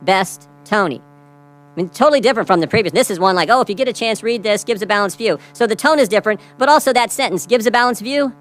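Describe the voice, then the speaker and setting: Emphatic lawmaker building a case. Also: male voice, sits high, a bit bright, rough recording. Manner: emphatic, repeats key phrases for effect. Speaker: lawmaker speaking at a hearing. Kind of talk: prepared hearing statement.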